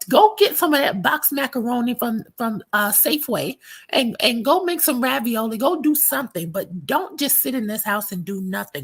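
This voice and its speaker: Sassy, husky-voiced woman host. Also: fairly high pitch. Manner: blunt, sarcastic, quick with put-downs. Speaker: recap show host. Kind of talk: sassy reality TV recap commentary.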